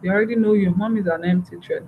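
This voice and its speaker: A woman's voice: mid-range voice, steady tone, fast talker. A woman giving a parenting workshop, talking earnestly and repeating her phrases. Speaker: parenting trainer. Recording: dull, slightly noisy recording.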